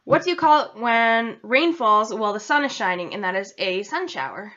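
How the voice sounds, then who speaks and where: A woman's voice: fairly high pitch, very animated, moderate pace, a bit bright. A young woman from New England chatting casually to her vlog audience, rambling and interrupting herself. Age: young adult. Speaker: vlogger. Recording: dull lo-fi home recording.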